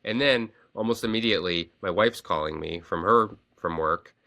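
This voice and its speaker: Lively, tense-voiced storytelling dad. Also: male voice, deep voice, moderate pace. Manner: animated storyteller, acts out quotes, hesitant fillers. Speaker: podcast co-host, father. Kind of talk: casual storytelling chat.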